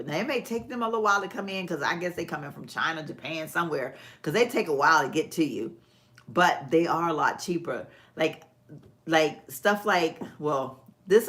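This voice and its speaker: Low-voiced chatty woman vlogger. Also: fairly bright tone. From Texas. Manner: chatty, folksy, laughs often, talks to viewers as "girl". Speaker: vlog host. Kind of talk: casual livestream chat.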